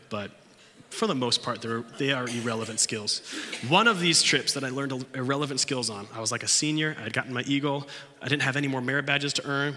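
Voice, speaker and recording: Joking young pastor, bright voice, reverberant church. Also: male voice, mid-range voice. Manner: joking, self-mocking storyteller, acts out quotes. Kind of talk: storytelling sermon. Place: church sanctuary.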